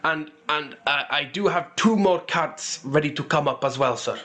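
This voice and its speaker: A man's voice: normal speed, bright, forceful tone. A man voicing a shy, nervous old male dwarf merchant who stammers and pleads politely. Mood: humble. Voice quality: higher, raised voice, humble pleading manner. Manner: stammering, repeats words, nervous laughs.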